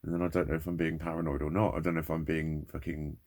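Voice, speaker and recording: A man's voice: rumbling low, flat delivery, fast talker, darkish tone. A man in pain, talking in a rambling, frustrated monologue full of swearing. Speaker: vlogger. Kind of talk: candid personal monologue.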